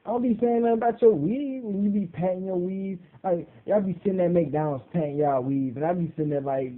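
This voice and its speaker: A young man ranting casually to his camera, mocking and swearing, jumping high in pitch when he gets worked up. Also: fairly quick, hardly any pauses. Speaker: vlogger. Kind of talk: casual profane rant. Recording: tinny phone-like sound.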